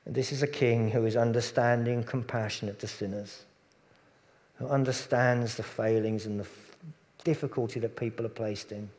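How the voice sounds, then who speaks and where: Preacher in a reverberant church hall. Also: male voice, medium pitch, fairly even intonation, normal speed. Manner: conversational, drops to soft hushed tones on tender points. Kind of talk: sermon.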